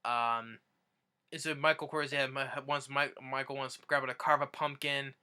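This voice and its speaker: A man's voice: mid-range voice, little pitch movement, moderate pace, bright, forceful tone, clean tone. A man casually recapping favorite videos, rambling with many restarts and fillers. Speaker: YouTuber.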